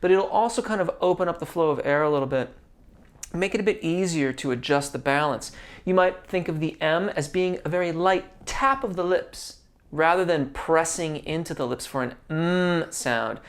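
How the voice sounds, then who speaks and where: A woman giving a singing lesson, calmly explaining technique and breaking into sung demonstrations. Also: deep voice, moderate pace. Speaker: singing teacher.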